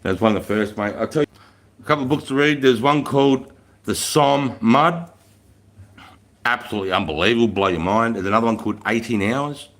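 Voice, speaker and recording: A man's voice: lowish voice, fairly bright tone. Swearing Australian man in his forties. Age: 40s. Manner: swears freely, laughs often, matey banter. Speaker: livestream host, retired soldier. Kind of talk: casual livestream chat with viewers.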